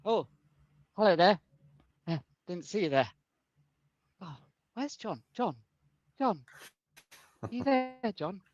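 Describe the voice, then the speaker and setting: A man's voice: sits high, big pitch swings, dull audio, full character voice. A man doing a jittery, hesitant fellow in the mist. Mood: uneasy. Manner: halting, wavering, muttering asides. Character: hesitant nervous man in a cold misty place. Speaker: panelist. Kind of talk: improvised comic impression.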